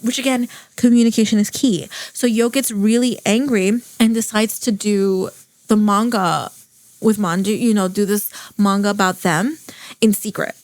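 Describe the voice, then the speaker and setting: A woman's voice: mid-range voice, normal speed, no echo. A young woman hosting a podcast, chatting casually and gushing as she retells a show's story. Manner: gushing, animated storytelling with lots of "like". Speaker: podcast host. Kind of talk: casual chat.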